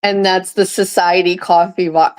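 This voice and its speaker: Her pitch is fairly low and her delivery a little slow. She's a woman live-streaming from her kitchen table, talking casually in an excitable, profane way with frequent gasps and laughter.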